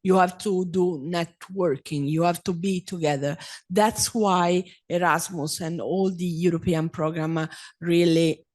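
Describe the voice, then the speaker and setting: A woman from Italy, a panelist speaking haltingly as she searches for words. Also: lowish voice, fairly even intonation, a little mellow. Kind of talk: panel discussion.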